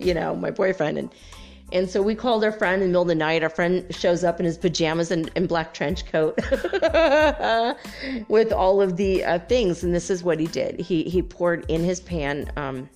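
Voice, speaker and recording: A woman hosting a spiritual podcast, telling a personal story in an animated, emotional way, often laughing. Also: lowish voice, measured pace, soft background music.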